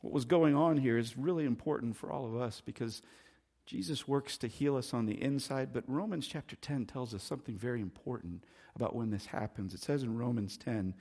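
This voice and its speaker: A male pastor delivering a sermon, shifting from loud, emphatic lines to hushed, quiet asides. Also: a little fast, husky. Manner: dynamic preaching, swinging between loud emphasis and hushed, low asides.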